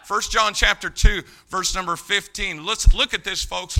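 High, bright-voiced impassioned preacher man. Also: fairly even intonation, moderate pace, creaky, hardly any pauses. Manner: impassioned preaching, swings from quiet asides to loud shouted emphasis. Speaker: pastor. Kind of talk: sermon. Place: church sanctuary.

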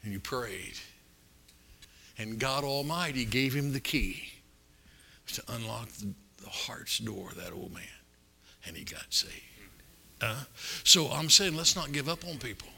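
An older man preaching a sermon, telling stories in a folksy, animated way with sudden loud bursts. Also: medium pitch, measured pace, vocal fry, long pauses, husky. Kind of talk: storytelling sermon.

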